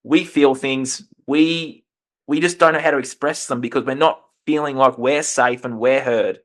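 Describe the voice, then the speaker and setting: A man's voice: medium pitch, steady tone, normal speed, a bit bright. A man speaking as a podcast guest and life coach, talking with passion and often repeating or restarting phrases. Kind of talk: earnest conversational interview.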